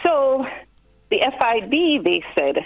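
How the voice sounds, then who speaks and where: A Jamaican woman, a guest commentator in a phone-in news interview, explaining things step by step with pauses. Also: high-pitched, big pitch swings, creaky, highs cut off.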